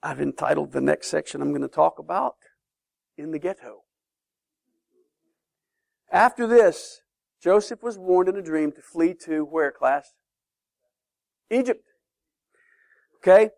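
A man teaching a sermon-style Bible lesson to a class, emphatic and lively, often checking in with questions. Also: a little high, a little slow, creaky, pauses often, dry recording, clean studio sound.

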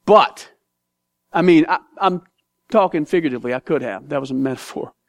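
Animated joking male pastor preaching. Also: brisk, vocal fry. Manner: animated and joking, with big swings in pitch and volume; reads scripture aloud. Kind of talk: sermon.

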